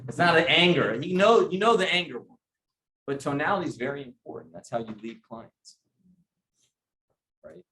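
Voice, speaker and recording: A middle-aged man runs a sales training session for a group, speaking casually and often asking the audience questions. His voice is fairly high and sharp, with lively intonation, normal speed, frequent pauses, and a little hiss or hum.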